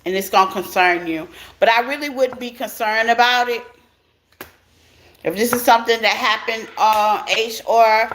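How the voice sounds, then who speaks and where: A woman with a fairly high voice chats her way through a tarot reading. She laughs often and talks straight to her viewers, with clear background noise running under the recording. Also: fairly bright tone. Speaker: tarot reader.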